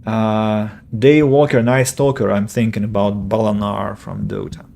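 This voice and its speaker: His voice is lowish, gravelly, and darkish, with a level tone and measured pace. As a game streamer who also teaches English, he offers casual, rambling let's-play talk, often self-correcting and using fillers while responding aloud to viewer comments.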